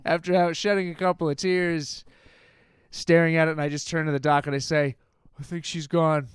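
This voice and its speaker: Animated male storyteller, smooth voice. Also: a little high, moderate pace, no echo. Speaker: podcast co-host. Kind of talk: casual storytelling chat.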